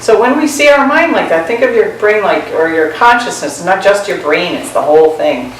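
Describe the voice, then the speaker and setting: A woman's voice: medium pitch, animated, normal speed, slight background noise. Woman giving a Zen talk, echoey far mic. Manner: chatty, laughing often, self-mocking stories. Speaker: Zen teacher. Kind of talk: dharma talk. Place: meditation hall.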